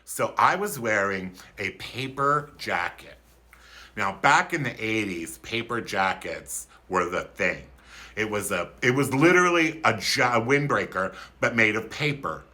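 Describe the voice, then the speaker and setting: A man's voice: lively intonation, a little slow, pushed and bright. A man in his fifties from Philadelphia, telling a comic story on a livestream in a campy, flamboyant, theatrical way. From Philadelphia, USA. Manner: campy, flamboyant and theatrical, with sudden high-pitched outbursts.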